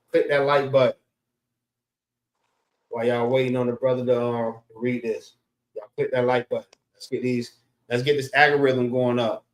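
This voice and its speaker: An instructor holds an online class in a casual lecture style, speaking loosely and using "all right" again and again as a check-in. His voice is medium in pitch. The audio is poor, with a roomy sound.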